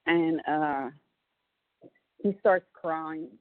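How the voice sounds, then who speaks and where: Lady on a prison phone call, slow rambly storytelling, kinda low voice, tinny dry line. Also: no room sound. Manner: rambling retelling full of fillers and restarts. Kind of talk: casual phone chat.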